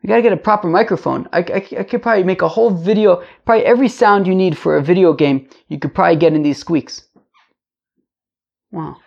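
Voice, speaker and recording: A man teaches a casual daily Talmud class. He is rambling and chatty, with joking asides, and his voice is gravelly. The recording is a little dull and lo-fi. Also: high voice. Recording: lo-fi home mic.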